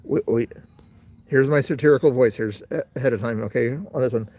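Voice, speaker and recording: A man's voice: medium pitch, brisk, darkish tone. A middle-aged man hosting a casual livestream outdoors, rambling and talking straight to his chat. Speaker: livestream host.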